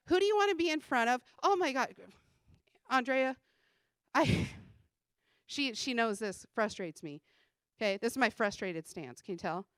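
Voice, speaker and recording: A woman giving an energetic motivational talk on a conference stage, speaking bluntly and casually, swearing freely and laughing often. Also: high voice, clear, resonant tone, dry recording. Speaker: conference speaker and sales coach. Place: conference stage before a live audience.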